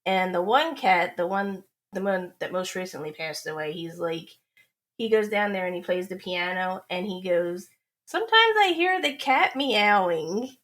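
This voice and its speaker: A woman guesting on a podcast, chatting casually, animated and quick to laugh as she tells anecdotes. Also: on the low side.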